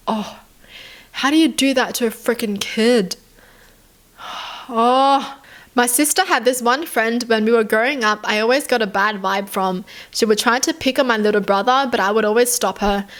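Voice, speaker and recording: Young woman, fairly high voice, reads stories aloud, indignant asides, sighs. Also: fairly bright tone. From Australia. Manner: indignant outbursts and sighs between readings. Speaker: YouTuber. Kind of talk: reading stories aloud with reactions.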